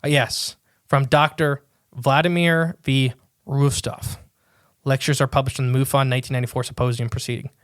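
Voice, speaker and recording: A man's voice: medium pitch, fairly even intonation, no room sound, studio quality. Rambling podcast co-host man. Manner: rambling, reads quotes haltingly. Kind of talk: casual chat and reading aloud.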